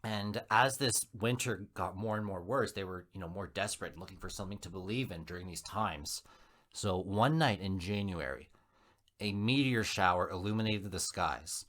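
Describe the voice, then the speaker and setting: A man's voice: sits low, moderate pace, fairly bright tone. A male podcast host telling a story in a casual, joking way.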